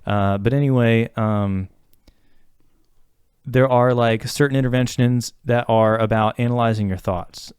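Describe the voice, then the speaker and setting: A man's voice: medium pitch, steady tone, unhurried, a little mellow, clear, resonant tone, no room sound, clean studio sound. A man co-hosting a podcast, talking in a reflective, earnest way with lots of fillers and restarts. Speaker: podcast co-host talking about therapy. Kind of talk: casual podcast conversation.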